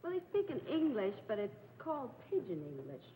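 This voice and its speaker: A woman's voice: on the high side, huge pitch swings, brisk, warm tone. A woman chatting cheerfully with a quiz show host as a contestant. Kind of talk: casual chat with host. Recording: reverberant, noisy old broadcast recording.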